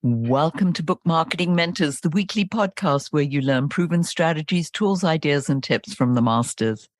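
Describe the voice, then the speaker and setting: A woman's voice: deep voice, moderate pace, no echo, studio quality. A woman hosting a podcast interview, enthusiastic and polished. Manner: enthusiastic, scripted-sounding intro. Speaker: podcast host.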